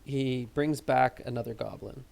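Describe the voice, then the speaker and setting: A man narrating as game master, describing scenes in a relaxed, rambling way. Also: mid-range voice, a little slow, gravelly.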